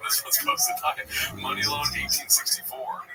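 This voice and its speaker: A man's voice: extremely high pitch, huge pitch swings, moderate pace, gravelly. Dude-saying guy riffing on posts, cussing a lot, far from the mic, music blasting. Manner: profane, laughing, says "dude" constantly. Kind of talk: casual chat reacting to posts. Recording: distant mic with loud music.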